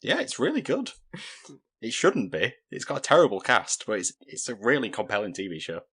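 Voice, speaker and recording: A low-voiced man who talks fast. He leads segments on a podcast in a playful way and keeps the chat moving. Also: huge pitch swings, a bit bright, slightly rough. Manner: playful, quick-talking presenter. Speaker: podcast co-host. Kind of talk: casual chat.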